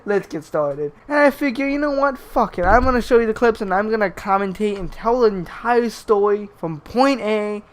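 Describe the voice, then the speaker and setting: A man's voice: sits high, lively intonation, normal speed, hardly any pauses. A young man commenting on clips, swearing constantly and stumbling over his words as he restarts them. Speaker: YouTube commentator. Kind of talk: profane rant commentary.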